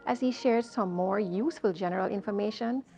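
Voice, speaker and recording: Measured woman presenting. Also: mid-range voice, music in the background. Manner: clear, measured reading. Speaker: host of a central bank segment. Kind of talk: scripted informational presentation.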